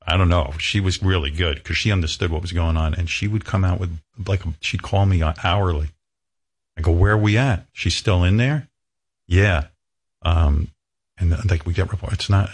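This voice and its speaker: Deep husky older man, rambling host. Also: moderate pace. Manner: emotional, rambling with restarts. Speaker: radio show host. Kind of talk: candid talk-show conversation.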